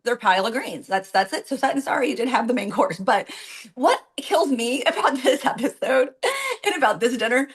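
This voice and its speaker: A woman's voice: fairly high pitch, lively intonation, brisk. A woman co-hosting a casual recap chat, talking chattily and laughing often as she rambles. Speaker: podcast co-host.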